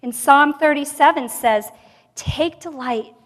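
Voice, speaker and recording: A woman giving a sermon at a church women's conference, sharing her own story and moving from quiet to loud, emphatic passages. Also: high voice, slow pace. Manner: expressive, swings from soft to loud. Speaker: conference speaker. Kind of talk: sermon with personal testimony. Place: church sanctuary. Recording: long hall reverb.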